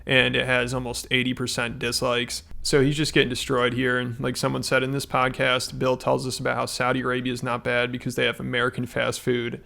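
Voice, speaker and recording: A man's voice: mid-range voice, monotone, brisk, vocal fry, hardly any pauses, bright, forceful tone. A man commenting on a video in a matter-of-fact, summarizing way. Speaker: online commentator.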